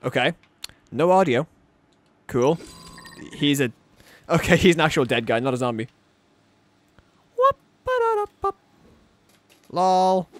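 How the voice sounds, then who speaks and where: A young man giving let's play commentary on a game, excitable and rambling, often talking sarcastically to the characters on screen. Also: a little high, normal speed, long pauses. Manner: rambling with frequent restarts. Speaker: gaming channel host.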